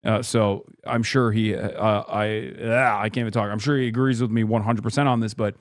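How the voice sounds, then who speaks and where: A man's voice: steady tone, dry recording. A man in his thirties hosting a casual livestream, blunt and profane, reacting to chat and videos on a close mic. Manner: blunt, profane, mocking, fast asides; jumps into high sarcastic voices to mimic others.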